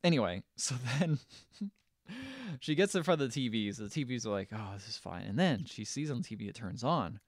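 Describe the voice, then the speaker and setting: A man's voice: medium pitch, normal speed, no room sound, studio quality. A man casually recapping a movie plot on a podcast, acting out the scenes as he tells them. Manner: animated storyteller, acting out scenes in voices. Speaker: podcast co-host.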